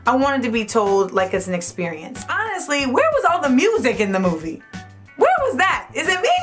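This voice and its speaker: A woman hosting a vlog, giving casual, sassy, candid commentary in slangy speech. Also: a little high. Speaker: host.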